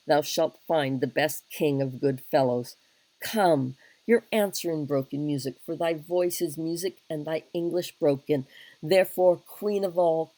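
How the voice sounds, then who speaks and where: A woman's voice: sits low, a little mellow, dry recording, poor audio. A woman teacher reading aloud a blunt young English king in an earnest, plain-spoken wooing speech. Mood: ardent. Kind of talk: dramatic reading of a play.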